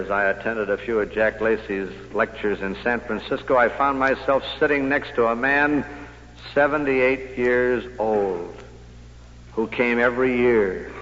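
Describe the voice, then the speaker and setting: A man's voice: fairly low pitch, a little hiss or hum. Older man, speech, dry humor, emphatic, echoey hall, dull old recording. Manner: dry humor, builds to loud emphatic peaks. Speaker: sales executive giving a speech. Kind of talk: storytelling speech to an audience.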